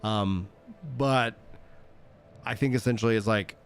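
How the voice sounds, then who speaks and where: A man's voice: lowish voice, a little slow, smooth. A middle-aged man chatting casually as a streamer, rambling and self-deprecating, laughing often. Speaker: streamer and podcast host. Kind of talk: casual chat.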